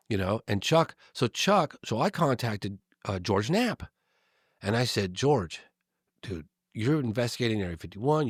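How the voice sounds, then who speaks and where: A man's voice: mid-range voice, husky, dry recording, clean studio sound. A man telling a long story in casual talk, rambling with fillers and restarts and acting out the voices he quotes. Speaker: guest.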